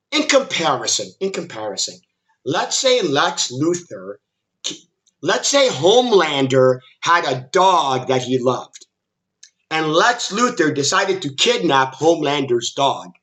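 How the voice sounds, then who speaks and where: Slow, combative male commentary vlogger. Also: fairly high pitch, bright, forceful tone. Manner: combative, mocking the audience, emphatic and repetitive. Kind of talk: opinionated commentary vlog.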